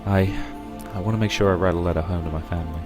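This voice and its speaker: Deep-voiced man reading a game aloud. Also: fairly even intonation, fast, over music. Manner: reads all characters' lines with shifting pitch and loudness. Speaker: game let's-player. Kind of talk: reading a visual novel aloud, voicing characters.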